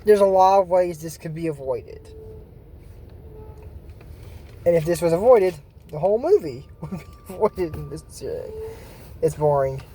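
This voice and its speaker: Man, casual cartoon recap host, sarcastic and rambling, lively up-and-down delivery. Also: on the high side, moderate pace, a little hiss or hum. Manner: rambling, sarcastic, acts out lines. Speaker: video host. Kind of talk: casual episode recap with commentary.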